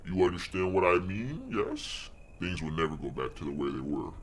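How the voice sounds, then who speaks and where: A man voicing a grim, menacing stranger with a deep, slow drawl. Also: sing-song, a little hiss or hum. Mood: ominous.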